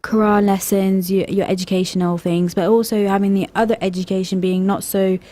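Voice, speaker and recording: A woman's voice: medium pitch, little pitch movement, a little fast, mellow. A young woman co-hosting a casual youth radio discussion, rambling and hesitant with frequent laughs, speaking into a studio microphone. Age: young adult.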